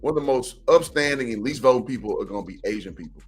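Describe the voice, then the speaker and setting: A man co-hosting a podcast, talking in a relaxed, reflective, opinionated way. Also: mid-range voice, fast, soft background music. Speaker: podcast co-host. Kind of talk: casual chat.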